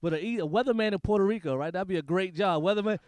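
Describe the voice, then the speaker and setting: A man's voice: high-pitched, quick pace, darkish tone, no echo. A young adult man doing a loose, rambling stand-up comedy set on a small stage. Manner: loose, rambling, jokey delivery.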